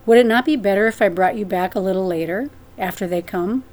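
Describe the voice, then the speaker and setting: Kind, soft-spoken spirit brother, read by a woman in a plain audiobook voice. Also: mid-range voice, fairly quick, lightly acted. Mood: gentle. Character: gentle kindly man, a departed brother. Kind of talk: audiobook reading.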